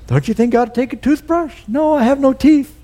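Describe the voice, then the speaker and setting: A man's voice: extremely high pitch, a little fast, dark tone, voice pushed up. A male preacher voicing a chatty, carefree little bird in a sermon story. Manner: light, breezy, unbothered.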